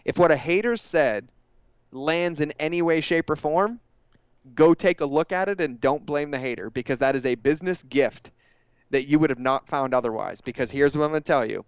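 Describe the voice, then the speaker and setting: A man talking as a guest on a podcast in a casual, energetic way, driving his points home with repetition. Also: on the high side, moderate pace, clear, resonant tone, dry recording, dull audio. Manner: energetic, emphatic, repeats phrases for effect. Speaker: guest entrepreneur.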